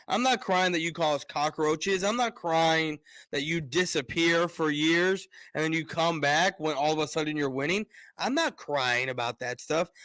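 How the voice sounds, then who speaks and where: A man's voice: on the high side, fairly bright tone, no echo. A man ranting on a casual sports live stream, fired up, repeating words and restarting his sentences often.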